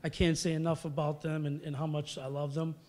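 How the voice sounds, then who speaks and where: A middle-aged man tells rambling stories into a podium microphone, full of fillers and restarts. His voice sits a bit high for a man. A long reverb from the big hall trails each phrase. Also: flat delivery, brisk, darkish tone. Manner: rambling, storytelling, many fillers. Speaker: hall of fame inductee. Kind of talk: acceptance speech.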